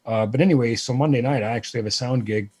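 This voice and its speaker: Man, husky voice, casual storytelling, self-deprecating, rambling, animated. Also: mid-range voice, fast. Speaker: guest, lighting presenter.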